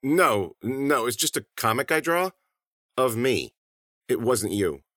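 A man's voice: lowish voice, very animated, unhurried, a bit bright, no echo, studio quality, pitched above the performer's own voice. A man voicing an awkward, flustered teenage boy who stammers when caught out.

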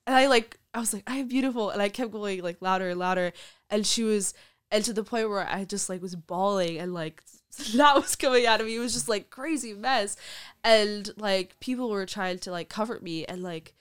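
A woman's voice: mid-range voice, normal speed, clean tone, dry recording, studio quality. A young woman telling her story as a podcast guest, chatty, saying "like" a lot and laughing often. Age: young adult. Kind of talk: casual storytelling interview.

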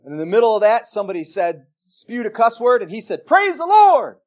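A man preaching a sermon, telling a story with emphatic swings between loud exclamations and quiet asides. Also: high voice, quick pace. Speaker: pastor.

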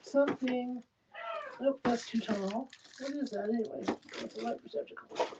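At normal speed, a fairly high-voiced woman chats casually through a craft project on her live stream, often half-muttering to herself. She's set up in a spare bedroom used as a studio, and the audio is dull and lo-fi with faint noise.

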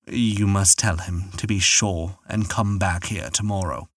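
A man voicing a kindly old giant in a storybook reading, speaking low, soft and unhurried. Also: steady tone, dry recording, clean studio sound, heavily acted. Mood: gentle. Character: kindly old male giant, gentle, later awed.

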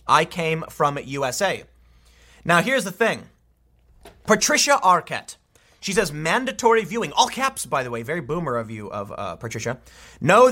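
A man delivering opinionated news commentary with a lively, bright, high-pitched voice. He sounds exasperated and sarcastic, tossing in quick asides as he talks. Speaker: political commentator.

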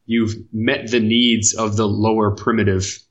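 A man's voice: on the low side, little pitch movement, a little slow, lo-fi sound. A man co-hosting a podcast, chatting casually, teasing and explaining with fillers. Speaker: podcast co-host. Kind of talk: casual chat.

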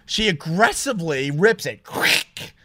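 Ranting male vlogger, high bright voice, dry close sound, indignant and emphatic. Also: expressive, moderate pace, dry recording. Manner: indignant, emphatic, swears freely. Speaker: vlogger telling a story. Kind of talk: casual ranting monologue. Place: small home studio.

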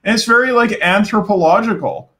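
A man on a podcast in casual chat, talking haltingly with many fillers and restarts. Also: high voice, bright, forceful tone.

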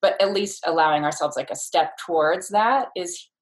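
Low-voiced woman explaining thoughtfully. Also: normal speed, poor audio. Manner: thoughtful, explanatory, many fillers and restarts. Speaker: childbirth educator, guest. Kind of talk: casual interview conversation.

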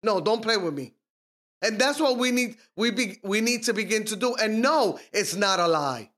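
A man's voice: high voice, lively intonation, normal speed, a bit bright. A middle-aged man co-hosting a faith podcast, talking emphatically in a preaching style and quoting scripture.

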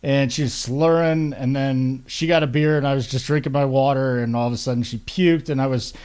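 A man co-hosting a casual podcast, telling stories in an animated, joking way. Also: mid-range voice, brisk, clean tone. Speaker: podcast co-host.

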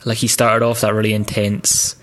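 A young man co-hosting a casual film podcast, speaking in a dry, deliberate, needling way. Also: lowish voice, completely flat delivery, fairly bright tone. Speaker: podcast co-host. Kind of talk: casual chat.

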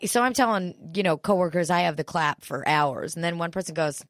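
A woman's voice: sits low, brisk, hardly any pauses, no echo, studio quality. A young woman from St. Louis telling a profane, comic personal story, laughing often. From St. Louis area. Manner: profane, laughing, animated retelling. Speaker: guest storyteller. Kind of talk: crude comedic storytelling.

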